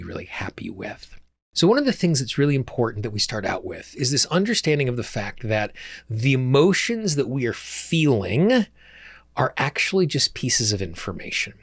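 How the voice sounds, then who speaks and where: A man's voice: medium pitch, no room sound, studio quality. A man hosting his own podcast, teaching listeners in an earnest way and repeating words for emphasis. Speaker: podcast host.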